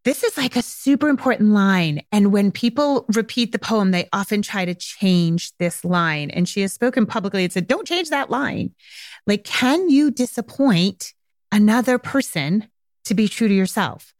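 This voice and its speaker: A woman's voice: medium pitch, normal speed, darkish tone, no room sound. A woman talks through a solo podcast in an easy, candid way, cursing now and then and acting out both sides of little conversations. Her voice sits in a middle register. The sound is dry and close, with no room around it. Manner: frank and conversational, swears casually, acts out little dialogues. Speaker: podcast host. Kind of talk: casual podcast monologue.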